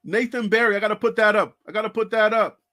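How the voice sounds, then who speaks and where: A man's voice: high-pitched, steady tone, quick pace, bright, forceful tone. A man hosting a sports fan channel, chatting casually and animatedly with his viewers, often laughing and greeting them by name. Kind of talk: casual live-stream chat.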